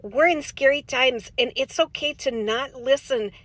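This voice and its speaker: A woman's voice: high voice, a little slow, fairly bright tone. A woman from Minnesota with a Minnesotan accent, talking in a folksy, rambling way to her viewers as a spiritual medium. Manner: folksy, chatty, rambling with many fillers. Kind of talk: casual monologue to camera.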